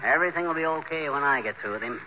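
A man's voice: on the high side, expressive, very fast, close to an everyday voice. A man playing a brash, boastful small-town husband in a 1940s radio comedy, full of folksy slang. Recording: old lo-fi radio broadcast with noise.

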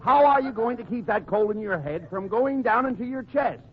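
A man's voice: high-pitched, lively intonation, moderate pace. A man playing the scolding, exasperated straight man in 1940s radio comedy. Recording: dull old radio recording with faint hiss.

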